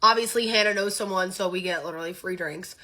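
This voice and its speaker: A young woman telling a casual storytime, animated and laughing, acting out the dialogue. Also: on the low side, quick pace. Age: young adult.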